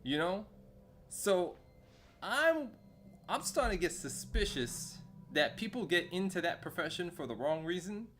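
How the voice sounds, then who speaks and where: A man's voice: high-pitched, very animated, measured pace, fairly bright tone. A man streaming a video game, chatting in a loose, rambling way full of fillers and casual slang. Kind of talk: casual chat while streaming gameplay. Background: faint background music.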